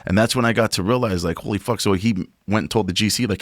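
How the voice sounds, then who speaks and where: A man's voice: lowish voice, quick pace, hardly any pauses, dry recording, clean studio sound. A man on a podcast telling a long work story in a casual, profane way, saying "bro" a lot. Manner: profane, animated, says "bro" often.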